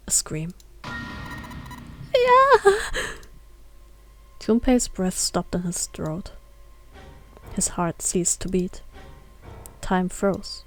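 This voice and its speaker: A woman reading a visual novel aloud, steady with occasional slips and restarts. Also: fairly low pitch. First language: German. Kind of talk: reading game text aloud.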